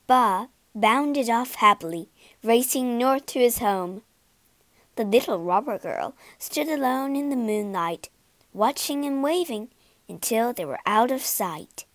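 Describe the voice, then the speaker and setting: Unhurried woman reading a storybook. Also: a little high, lively intonation, dry recording. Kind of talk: storybook read-aloud.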